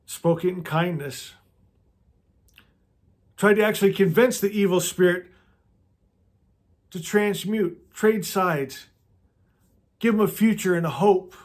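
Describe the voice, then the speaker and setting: A man leading a guided prayer and spiritual teaching, meditative and slow, often repeating words and trailing off softly. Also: high-pitched.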